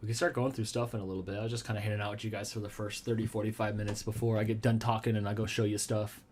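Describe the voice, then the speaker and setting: A man's voice: on the low side, flat delivery, very fast, darkish tone, slight background noise. A man hosting a casual live stream from a small room at home. He rambles in a playful way, answers viewer comments and jokes about himself. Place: small room at home with a red wall and lava lamps.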